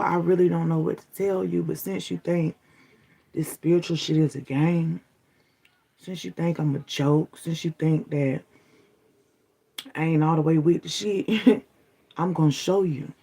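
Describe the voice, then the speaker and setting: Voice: medium pitch, fairly even intonation, measured pace, creaky, warm tone, slightly rough. A content creator delivering a defiant, taunting spiritual warning straight to the viewer, repeating "you feel me?" as they go. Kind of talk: direct-to-camera warning rant.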